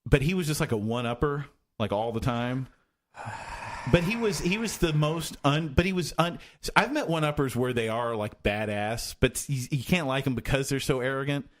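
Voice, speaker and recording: A man co-hosting a casual podcast, talking at a middle pitch. He rambles along with many restarts and fillers, circling back to his point. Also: animated, moderate pace. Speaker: podcast co-host. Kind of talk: casual chat.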